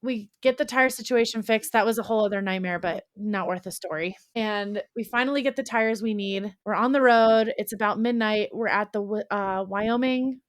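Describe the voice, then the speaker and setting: On a podcast, a young woman, a guest or co-host, animatedly spins out a long, rambling story packed with "like" and quick restarts. Her pitch is ordinary and middle, and the close, dry recording carries almost no room echo.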